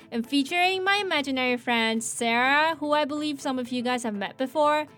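A woman hosting a casual English lesson, playful and animated, modeling sentences slowly and repeating them. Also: high voice, faint music behind. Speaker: English teacher.

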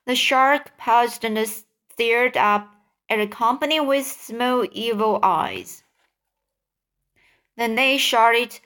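A woman reading a children's book aloud, halting, with slips and self-corrections. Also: a little high, fairly bright tone. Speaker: reader.

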